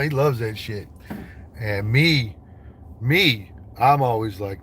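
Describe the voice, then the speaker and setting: A man's voice: medium pitch, lively intonation, takes it slowly, fairly bright tone, a little hiss or hum. A man from the United States in a vehicle, chatting with his livestream viewers in loose, profane, joking banter. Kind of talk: casual livestream chat.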